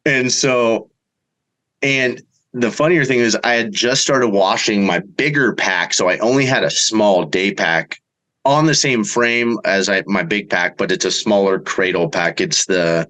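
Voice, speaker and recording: A middle-aged man, a bowhunter guest, telling a story in a casual way and acting out the quotes with big jumps in pitch. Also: unhurried, a bit bright, poor audio.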